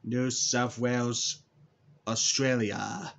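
Slow, halting man in a dull recording. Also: medium pitch, fairly even intonation, vocal fry. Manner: halting, with restarts and repeated words. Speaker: amateur wrestler cutting a promo. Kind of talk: rambling wrestling callout promo.

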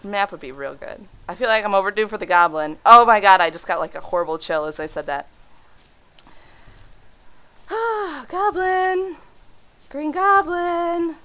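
A young woman plays a horror game at home, offering casual commentary; she's jumpy, swears, shrieks at the scares, then laughs them off. Her voice is lowish, sharp, and clean, and she talks quickly with few pauses.

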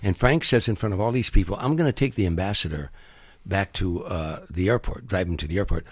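Older male comedian guest, husky voice, acts out every character, dry close sound. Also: sits low, a little fast, dry recording. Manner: acts out other people's voices and sound effects, lively storyteller. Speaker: comedian guest telling stories. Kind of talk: animated anecdote telling.

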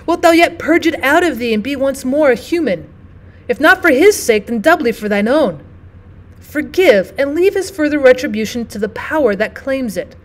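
A woman's voice: sits high, expressive, moderate pace. A woman voicing a resolute, shamed woman who speaks earnestly and pleadingly in old-fashioned words. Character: anguished, resolute woman shamed by her past.

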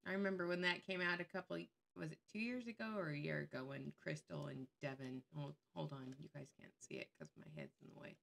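Bright-voiced, blunt, sarcastic woman. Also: low voice, expressive, quick pace, vocal fry, hardly any pauses. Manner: blunt, sarcastic, openly angry; swears freely. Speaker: YouTube commentator. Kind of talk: casual screen-share commentary.

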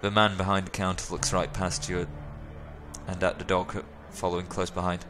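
A man hosting a let's play, reading a video game's narration aloud at a steady pace. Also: low-pitched, normal speed, a little hiss or hum.

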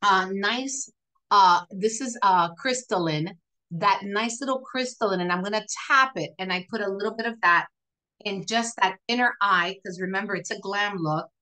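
Bright-voiced woman demonstrating makeup. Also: mid-range voice, normal speed, rough recording. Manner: chatty, encouraging, talks viewers through each step. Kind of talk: live makeup tutorial.

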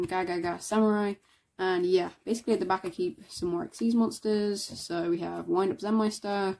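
Mellow-voiced woman casually listing items. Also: fairly low pitch. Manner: casual, reads out list items one by one. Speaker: card collector showing a binder. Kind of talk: casual showcase commentary.

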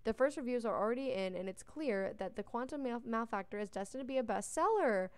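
A woman's voice: fairly high pitch, lively intonation, quick pace, a little mellow, clean tone, dry recording. Chatty woman voicing game commentary. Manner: chatty, talks to the game characters. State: yawning a lot. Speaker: let's play host. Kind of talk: casual gameplay commentary.

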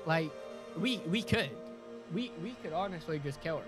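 Sweary Scottish gamer. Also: male voice, fairly high pitch, animated, normal speed, over music. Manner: sweary, joking, rambling asides. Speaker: gaming streamer. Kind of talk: casual gameplay commentary.

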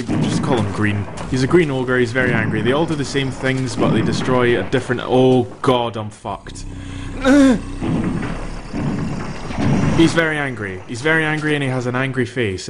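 A man's voice: mid-range voice, noisy background. A young man giving casual, chatty commentary over a game, swearing freely and talking to the creatures on screen. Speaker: gameplay commentator.

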